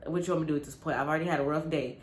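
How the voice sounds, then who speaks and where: A young woman vlogger telling a casual, animated story with lots of slang. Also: sits low, very fast. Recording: roomy with faint ambience.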